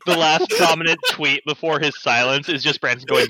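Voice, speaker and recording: Wry, bright-voiced player. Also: male voice, fairly high pitch, a little fast, no echo. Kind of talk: casual tabletop game chat.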